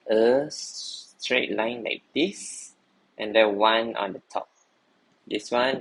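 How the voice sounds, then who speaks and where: A man's voice: fairly low pitch, creaky, a bit bright, slightly rough, rough recording. A man teaching a language lesson, patiently explaining and often checking in with "okay".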